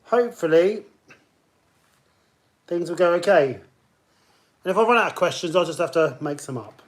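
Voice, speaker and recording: Casual male quiz host, upbeat and higher-pitched, chats with players between questions. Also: animated, measured pace. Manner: chatty, greets players by name between questions. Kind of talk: live-streamed pub quiz hosting.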